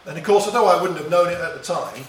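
A middle-aged Englishman with a slightly high, expressive voice talks fast as he muses over a story from his boyhood, making small restarts along the way. He sounds far from the mic in a roomy, echoey space with a little background noise.

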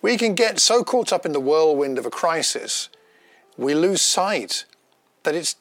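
A man giving a gentle, personal devotional talk, unhurried, with small pauses and restarts. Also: a little high, lively intonation, no room sound, soft background music. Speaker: devotional speaker.

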